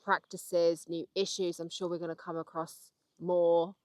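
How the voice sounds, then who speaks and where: A woman's voice: lowish voice, little pitch movement, unhurried, darkish tone. A young English woman vlogging with her husband in a casual chat, hesitant with many ums, explaining patiently. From England. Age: young adult.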